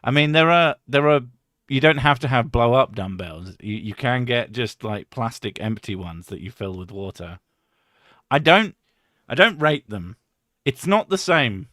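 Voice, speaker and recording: A man's voice: mid-range voice, animated, measured pace, fairly bright tone, no echo, clean studio sound. A man hosting a stream, rambling and swearing, laughing often in casual chat. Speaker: streamer host.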